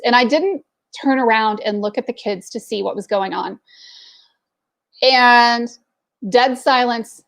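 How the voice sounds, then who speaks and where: A woman in her forties telling a candid personal story in casual talk, with plenty of fillers. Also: a little high. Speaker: entrepreneur network speaker.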